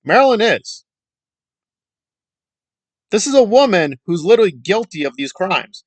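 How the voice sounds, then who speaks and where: A man's voice: high-pitched, big pitch swings, unhurried, no room sound. A man delivering an angry commentary rant, scornful and insulting, and repeating his points for emphasis. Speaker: YouTube commentator.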